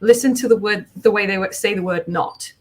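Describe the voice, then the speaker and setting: A woman's voice: mid-range voice, a little fast, slight background noise. An English woman in casual chat on a group art stream, explaining things thoughtfully at length, with frequent ums.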